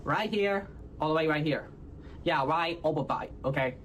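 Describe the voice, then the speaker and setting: A man from Houston with a Texan accent, speaking in halting, hard-to-follow phrases and ending nearly every phrase with "all right, y'all?". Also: fairly high pitch, a bit bright, slight background noise. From Houston, Texas. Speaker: content creator in a played clip. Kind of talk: casual self-explaining talk to viewers.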